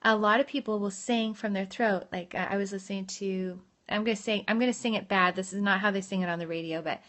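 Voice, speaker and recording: A woman's voice: medium pitch, fairly even intonation, fast, a bit bright. A woman vocal coach giving a casual, upbeat livestream lesson, chatting with viewers and answering their comments. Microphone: phone livestream.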